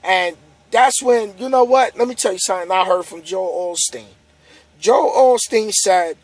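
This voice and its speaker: A man's voice: sits high, normal speed. A tired man, a trucker vlogger, giving a casual, repetitive motivational monologue to the camera. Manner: casual, repetitive, preachy, building up emphasis. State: tired, yawning.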